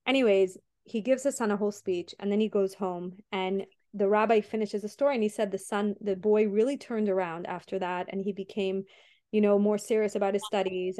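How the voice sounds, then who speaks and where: A young woman tells a story on her podcast in a casual, rambling way. She fills her sentences with likes and you knows and keeps restarting them. Her pitch sits in the middle for a woman. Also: warm tone. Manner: rambling, filler-heavy retelling with many restarts. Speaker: podcast host.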